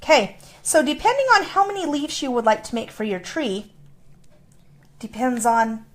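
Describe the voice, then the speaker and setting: A woman's voice: fairly high pitch, big pitch swings, moderate pace. A middle-aged woman demonstrating a craft in a chatty, playful way, explaining each step. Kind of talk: casual craft tutorial.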